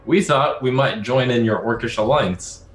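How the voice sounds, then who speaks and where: A man voicing a courteous, mild-mannered old man who speaks gently and placatingly. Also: medium pitch, normal speed, a little hiss or hum, natural voice. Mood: polite. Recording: roomy echo.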